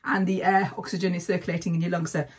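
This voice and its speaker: Breathy woman giving chatty advice. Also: lowish voice, level tone, fast. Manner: chatty, keeps adding "okay?". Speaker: vlogger sharing health tips. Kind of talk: casual advice talk to camera.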